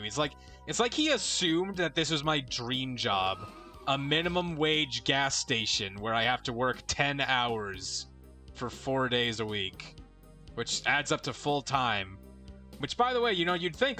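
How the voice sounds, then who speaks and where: A young man with a bright, forceful voice tells a work story in a loose, rambling way. He swears freely and restarts his sentences as he goes. Faint game music plays under him. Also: medium pitch, lively intonation, moderate pace. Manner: rambling, profane, self-interrupting. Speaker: let's play co-host. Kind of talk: casual storytelling while gaming.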